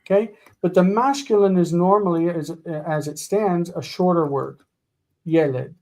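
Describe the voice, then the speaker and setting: A man's voice: high voice, darkish tone. Patient man teaching grammar live. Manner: patient, explanatory, spells out forms slowly. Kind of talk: live online grammar lesson.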